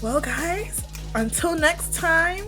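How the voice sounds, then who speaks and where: A woman in her twenties co-hosting a casual podcast, quick, emphatic and playful, speaking straight to listeners. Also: very high voice, lively intonation, music in the background. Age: 20s. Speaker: podcast co-host. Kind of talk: casual chat.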